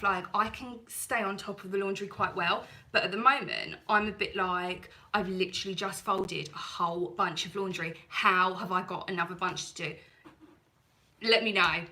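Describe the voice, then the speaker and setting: Chatty woman with a bright tone. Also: medium pitch, low-quality recording. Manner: chatty, rambling, self-deprecating. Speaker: cleaning channel host. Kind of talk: live stream chat with viewers.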